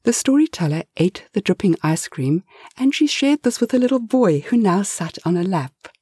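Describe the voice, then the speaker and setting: A woman narrating a story in a slow, gentle, expressive way, with soft whispered asides. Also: mid-range voice, breathy edge, no room sound, clean studio sound.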